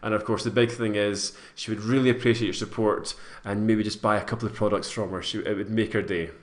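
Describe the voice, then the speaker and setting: A man hosting a live online show in a friendly, halting way. He often repeats words and restarts sentences. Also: on the low side, steady tone. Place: indoor studio.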